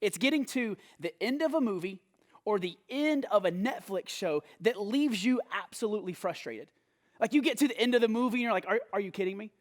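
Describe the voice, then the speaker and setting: A young man hosting a faith talk show, talking to the camera in an upbeat, animated way with quick restarts. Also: sits high. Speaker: host. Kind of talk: energetic casual talk to camera.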